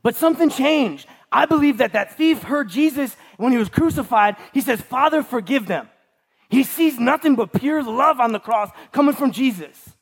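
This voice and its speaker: High-voiced man preaching emphatically. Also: animated, moderate pace, few pauses, slightly rough. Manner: emphatic, repetitive preaching with rhetorical asides. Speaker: pastor. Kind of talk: sermon.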